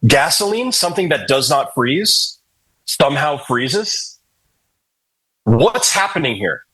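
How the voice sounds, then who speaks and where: A man's voice: a little high, very animated, slow, fairly bright tone, slightly rough, low-quality recording. A man in his late thirties from New England, a podcast guest telling rambling, joking stories with plenty of swearing and acted-out quotes. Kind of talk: casual storytelling chat.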